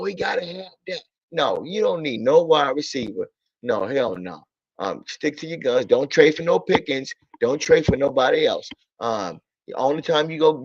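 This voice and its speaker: A man with a drawl rants about his team, blunt, exasperated and full of profanity. His voice sits at an ordinary mid pitch. The sound is dry and muffled, like cheap lo-fi streaming audio. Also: slightly rough, no echo. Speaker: sports talk streamer. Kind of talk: casual sports rant. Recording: dull lo-fi audio.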